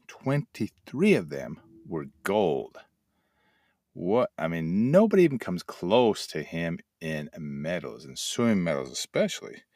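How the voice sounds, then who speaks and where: Slow, deep-voiced older man. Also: no echo, clean studio sound. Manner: folksy, animated storytelling with sound effects. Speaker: host and addiction mentor trainer. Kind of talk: motivational talk to camera.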